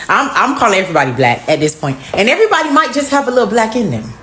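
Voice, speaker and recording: A woman chats casually and muses aloud, her pitch swinging up and down. The room around her is echoey, with faint ambient noise. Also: very animated, racing, fairly bright tone. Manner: chatty and musing. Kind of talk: casual chat to camera.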